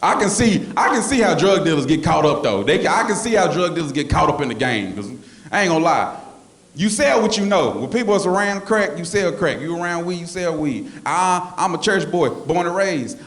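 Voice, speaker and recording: A male comedian telling animated stories on stage, yelling out punchlines, with a handheld mic. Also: fairly high pitch, fairly quick. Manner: loud, animated storytelling with yelling bits. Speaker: stand-up comedian. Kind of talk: stand-up comedy set. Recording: roomy club with loud audience laughter.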